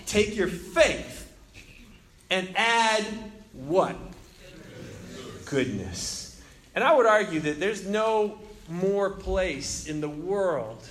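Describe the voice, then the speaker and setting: A man preaching a sermon, telling a personal street story with animated acted-out dialogue and frequent restarts. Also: on the high side. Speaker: pastor.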